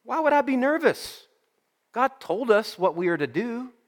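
Guy doing a cocky no-worries believer, high breezy voice, big hall echo. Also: sing-song, normal speed. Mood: breezy confident. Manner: breezy, dismissive certainty. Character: confident, scoffing grown man of faith.

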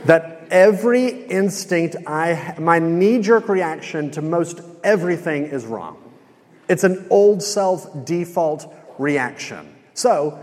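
A man preaching to a room, retelling a sitcom scene with animated quoted lines. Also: high-pitched. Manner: storytelling, animated when quoting. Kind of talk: sermon with retold sitcom scene. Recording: hall reverb.

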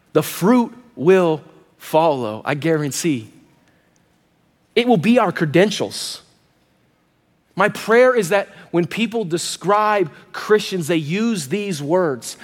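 A man in his thirties, a pastor preaching a sermon and telling a personal story in an animated way, with quick asides to his congregation. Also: sits high. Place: large church hall. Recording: long hall reverb.

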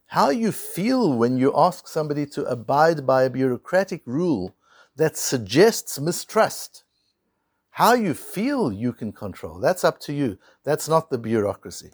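Animated, gravelly Torah teacher. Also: male voice, a little high, no room sound, clean studio sound. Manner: animated, rhetorical questions, acts out little scenes. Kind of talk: Torah lecture.

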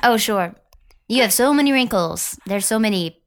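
A catty Satan who sulks and teases like a jilted friend, played by a woman. Her voice sits at an ordinary middle pitch, and the lines come out snide in this improv comedy bit. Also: expressive, moderate pace, very noisy, close to an everyday voice. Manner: snide, sulky, teasing. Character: smug petty Satan, a catty old friend.

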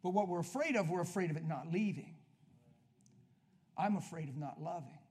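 A man's voice: high-pitched, normal speed. Man preaching with rising intensity. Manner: builds from hushed storytelling to loud, emphatic preaching; acts out both sides of conversations. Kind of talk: sermon with storytelling.

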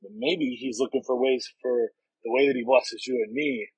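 A man's voice: medium pitch, fairly even intonation, normal speed, breathy edge, no echo, muffled recording. A young adult man, a pastor, giving an earnest, conversational devotional talk from home. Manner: earnest, conversational, frequent "right?".

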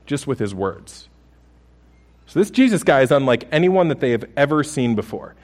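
A man in his thirties preaching a sermon as pastor, conversational and humorous, with frequent restarts. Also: on the high side.

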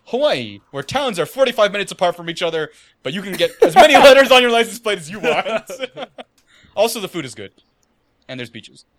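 Lively, laughing podcast guy. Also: high-pitched, fairly quick. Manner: laughs often, teasing. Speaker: podcast co-host. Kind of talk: casual chat.

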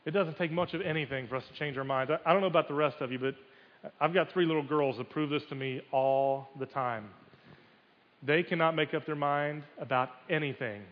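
Folksy pastor preaching in an echoing hall. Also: male voice, fairly high pitch, fairly quick. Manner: folksy, addresses the congregation with rhetorical questions, repeats words. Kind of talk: conversational sermon. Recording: dull recording in a reverberant hall.

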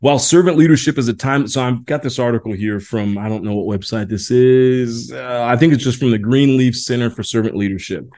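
A man's voice: mid-range voice, fairly quick, few pauses, a little mellow. A man in his forties from Indiana, hosting a leadership podcast in a rambling, folksy monologue full of restarts. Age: 40s. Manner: rambling, many restarts and fillers, folksy "y'all". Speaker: podcast host. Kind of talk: casual monologue.

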